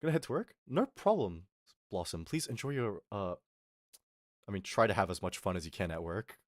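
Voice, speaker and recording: This is a young man on a vtuber stream, telling his chat a meandering, casual story stuffed with fillers while reading messages and voicing quotes. His voice sits on the low side with lively intonation, a little fast, close-miked with no echo.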